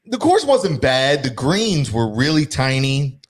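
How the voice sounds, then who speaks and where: Young male host, casual, animated storyteller. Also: medium pitch, unhurried. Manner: animated, acts out quotes. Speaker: podcast host.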